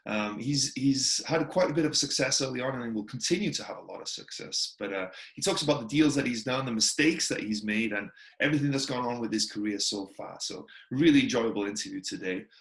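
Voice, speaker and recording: A man's voice: mid-range voice, a little fast, few pauses. A middle-aged man hosting a podcast, chatting casually and enthusiastically, often repeating his praise. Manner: enthusiastic, repeats "that's awesome". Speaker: podcast host. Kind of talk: casual interview chat.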